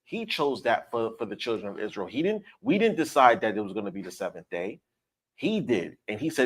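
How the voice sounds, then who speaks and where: A man's voice: on the low side, sing-song, fairly quick. A man leading a Bible study in a teaching style, stressing and repeating his points and often checking in with "all right?".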